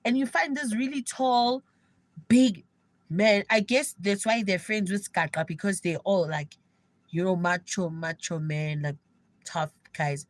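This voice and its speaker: A young South African woman telling an animated, gossipy story to viewers of her live stream in casual slang. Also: medium pitch, measured pace, dry recording, poor audio. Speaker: livestreamer.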